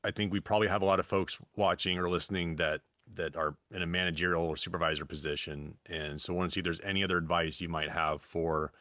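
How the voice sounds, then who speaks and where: A man who was a fire chief, hosting a webinar and asking questions in a measured, friendly way, thinking aloud with fillers. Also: deep voice, pushed and bright, no room sound, studio quality. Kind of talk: webinar moderating.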